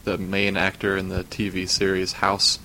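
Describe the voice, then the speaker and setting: A man's voice: low-pitched, monotone, moderate pace, sharp tone, slight background noise. A man co-hosting a podcast, telling stories in an easygoing way with fillers. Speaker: podcast co-host. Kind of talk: casual chat.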